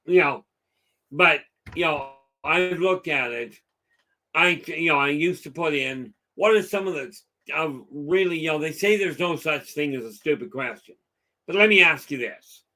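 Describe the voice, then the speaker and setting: Middle-aged male host, casual rambling chat, bright and fairly high-pitched. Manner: rambling storyteller, lots of fillers. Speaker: live stream host. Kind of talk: casual chat with live chat viewers.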